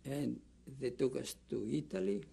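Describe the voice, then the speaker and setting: Recounting his experience as a camp survivor in an oral history interview, an older man with a Greek accent speaks at a moderate pace in an expressive, medium-pitched voice that is creaky, warm and husky. He rambles, restarts and acts out the people he quotes.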